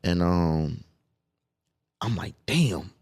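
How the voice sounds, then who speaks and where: A man's voice: deep voice, lively intonation, very slow, a little mellow. A man talking as a guest on a podcast, casual and emphatic, with profane streetwise phrasing. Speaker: clothing designer guest.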